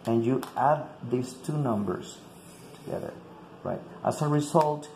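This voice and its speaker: A male English teacher walks fellow teachers through a classroom activity one step at a time, with a mellow, dark voice. He fills his talk with "like" and repeats words as he goes. The room is echoey with faint ambient noise behind him. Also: medium pitch, expressive, a little slow, vocal fry. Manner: explains step by step with frequent "like" and repeats.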